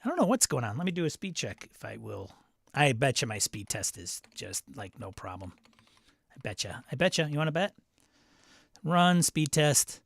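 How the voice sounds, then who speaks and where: A man's voice: mid-range voice, sing-song, moderate pace, gravelly, no room sound, clean studio sound. A man hosting a live game stream, reading viewer comments aloud and chatting in a loose, self-interrupting way. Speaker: stream host.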